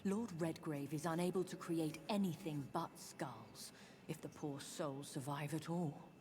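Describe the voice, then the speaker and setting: A whispering low-voiced aristocrat. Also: female voice, measured pace. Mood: conspiratorial. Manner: hushed conspiratorial whisper. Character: secretive aristocratic woman informant. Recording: game audio with noise.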